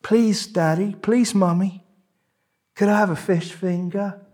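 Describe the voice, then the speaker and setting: Brief: man doing a soft, husky little child begging for food, pitched up. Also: steady tone, a little slow. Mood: pleading. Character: small pleading child asking parents for food.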